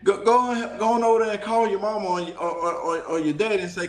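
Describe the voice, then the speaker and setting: A man from Dallas, a talk show guest telling a story in an animated, preachy way. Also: high voice, fast talker, hardly any pauses, roomy sound, faint music behind. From Dallas, Texas. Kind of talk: casual storytelling.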